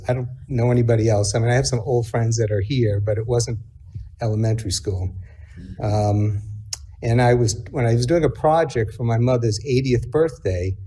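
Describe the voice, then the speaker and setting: A middle-aged man speaking at his mother's memorial service, reflective and halting, with many pauses and fillers. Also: medium pitch, dark tone. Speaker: eulogy speaker, son. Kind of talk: memorial eulogy.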